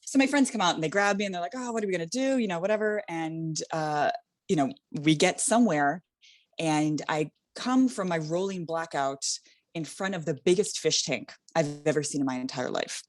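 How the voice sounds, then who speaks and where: A young adult woman telling a comedic party story in casual chat, animated and laughing, with lots of fillers. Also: sits low, normal speed, no room sound, clean studio sound. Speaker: guest storyteller.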